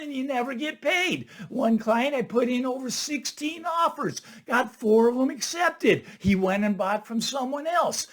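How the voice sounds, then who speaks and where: An older man, a real estate listing agent, talking casually to camera, stressing his points by repeating them and chuckling. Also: high voice. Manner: emphatic, repeats key phrases, chuckles.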